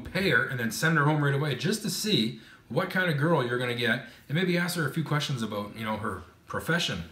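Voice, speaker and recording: A man's voice: medium pitch, lively intonation, fairly quick, sharp tone. A man from Canada giving frank, casual advice in a chatty monologue with many fillers and restarts. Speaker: vlogger. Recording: roomy echo.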